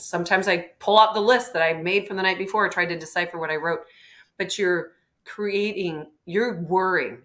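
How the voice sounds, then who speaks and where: A woman doctor with a low voice gives advice on a live webinar, talking in an animated, hands-on way. She clears her throat now and then, over a video call. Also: fairly quick. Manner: animated, acting out patients' words, frequent throat clearing. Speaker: physician guest.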